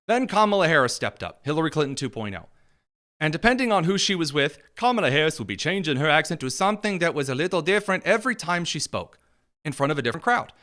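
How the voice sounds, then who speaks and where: Male political commentator, young adult, mocking and sarcastic, bright forceful tone, slightly high pitch. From Indiana, USA. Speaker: political show host.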